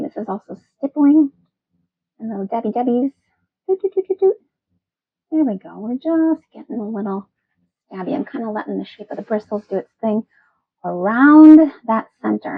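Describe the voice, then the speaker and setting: A woman's voice: fairly high pitch, gravelly, slightly rough, dry recording, phone-quality sound. Chatty playful woman painting teacher. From Wisconsin. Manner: chatty, playful, self-encouraging. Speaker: painting instructor. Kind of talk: step-by-step painting lesson.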